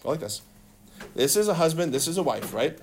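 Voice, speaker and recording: Animated man teaching a class. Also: fairly high pitch, brisk, breathy edge. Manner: animated, laughing, asks students questions. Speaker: religion teacher. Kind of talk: classroom teaching with call-and-response.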